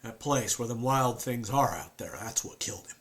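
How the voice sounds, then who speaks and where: A man's voice: mid-range voice, animated, moderate pace, close to an everyday voice. A man putting on a haunted Southern storyteller. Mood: grim, haunted. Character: grieving rural Southern man, weary and haunted. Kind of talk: dramatic monologue storytelling.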